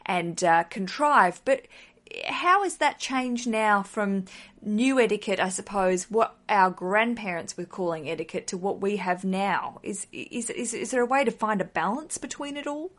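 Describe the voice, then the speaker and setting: A woman's voice: mid-range voice, animated, measured pace, fairly bright tone. Chatty woman hosting a podcast. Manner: chatty, enthusiastic, rambling questions. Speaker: podcast host.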